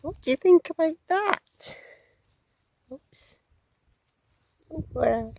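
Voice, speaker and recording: A woman's voice: sits high, animated, takes it slowly, creaky, a little mellow, poor audio. A woman in her fifties chatting to the camera as she hikes outdoors, asking her viewers questions as she goes. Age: 50s. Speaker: solo hiking vlogger. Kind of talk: casual walking vlog talking to camera. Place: outdoors on a countryside hike. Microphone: handheld camera held while walking.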